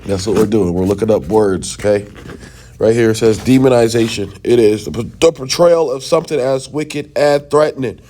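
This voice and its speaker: A man giving a sit-down religious teaching in loose, casual talk. He checks in often with quick tags and turns heated and scornful. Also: fairly low pitch, dark tone. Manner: talks loosely, checks in with "right?" and "okay?".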